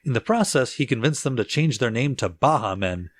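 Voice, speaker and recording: A man co-hosting a casual music-history podcast, relaxed and chatty with easy laughter and plenty of fillers. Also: medium pitch, brisk. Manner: relaxed storyteller, laughs easily, lots of filler "like". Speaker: podcast co-host.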